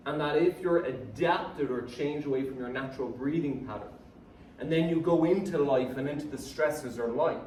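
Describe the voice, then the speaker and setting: A man, a guest speaker giving a lively, joking talk and coaxing the audience to join in. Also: mid-range voice, slight background noise. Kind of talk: live motivational talk to an audience. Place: event hall with an audience. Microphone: phone camera from the audience. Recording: echoey hall phone recording from far off.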